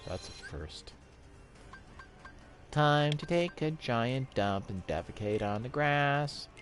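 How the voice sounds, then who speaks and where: A man's voice: mid-range voice, lively intonation, takes it slowly, soft background music. Profane, ranting gameplay commentator man. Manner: crude, profane ranting at the game; mock-dramatic, sometimes sing-song. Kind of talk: let's play commentary.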